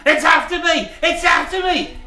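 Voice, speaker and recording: A man voicing a grumpy male troll who talks in a rough dialect and panics easily. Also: high-pitched, lively intonation, moderate pace, voice pushed up, heavily acted. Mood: panicked. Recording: echoey room, mic at a distance, soft music.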